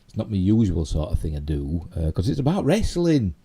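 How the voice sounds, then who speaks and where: A middle-aged man with a Yorkshire accent chatting through a casual live stream, rambling with many fillers and asides, his voice a little hoarse. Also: sits low, sing-song, fairly quick, dark tone. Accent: Yorkshire English. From Yorkshire, England. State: slightly hoarse. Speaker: channel host.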